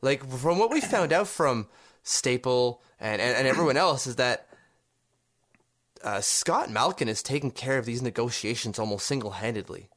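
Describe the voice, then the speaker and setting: A man's voice: medium pitch, animated, moderate pace, fairly bright tone. A man co-hosting a casual sports podcast, arguing his points with rhetorical questions. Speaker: podcast co-host.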